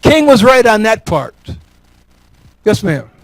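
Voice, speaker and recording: A man's voice: high voice, very animated, slow, dry recording, poor audio. A man from New York state gives a talk and takes audience questions, folksy and joking, repeating words for emphasis. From Elmira, New York. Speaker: guest speaker.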